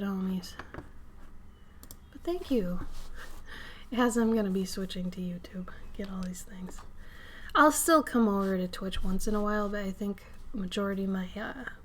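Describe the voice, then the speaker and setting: A hoarse woman, getting over an illness, chatting casually on a live stream while she draws; her voice crackles and she often drifts into soft whispers, speaking right up close to the mic. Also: mid-range voice, normal speed. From Minnesota. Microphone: microphone close to the face.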